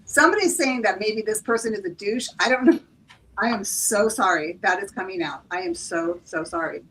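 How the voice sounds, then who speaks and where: A woman's voice: medium pitch, expressive, moderate pace, a bit bright, distant mic, a little hiss or hum, low-quality recording. A woman giving a casual live-stream tarot reading, rambling and apologetic, with many fillers. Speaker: tarot reader, co-host.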